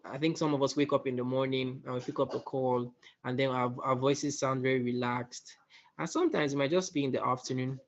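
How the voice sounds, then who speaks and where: A man teaching a soft-skills workshop in a conversational way, often checking in with his listeners. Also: medium pitch, gravelly, dull audio. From West Africa. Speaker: workshop facilitator.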